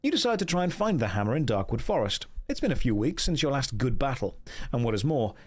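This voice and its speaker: An Englishman reading an adventure gamebook aloud to a stream audience, with a voice at an average pitch for a man. His narration is steady and dramatic, and he regularly breaks off into quick joking asides and laughs at himself. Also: husky. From England.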